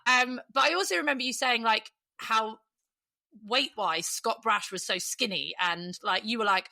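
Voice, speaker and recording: Woman, podcast host, casual chat, swears casually, bright voice. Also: on the high side, moderate pace, creaky, no room sound.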